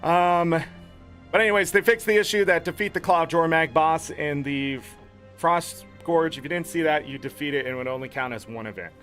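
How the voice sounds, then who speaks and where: High-voiced guy going over patch notes, blunt and sweary, bright tone. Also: a little fast, faint music behind. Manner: blunt, opinionated, swears freely. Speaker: gaming content creator.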